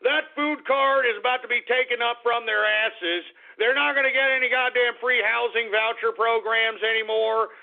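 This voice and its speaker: A man hosting a talk radio show, ranting in a gloating, mocking way, shouting and cackling. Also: very high voice, steady tone, normal speed, vocal fry, few pauses. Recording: phone-like lo-fi radio broadcast.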